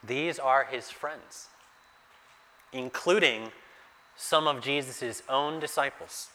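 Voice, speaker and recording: A man's voice: mid-range voice, slow, sharp tone. A man preaching a sermon through a Bible passage, talking conversationally and asking his listeners rhetorical questions. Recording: echoey hall with long reverb.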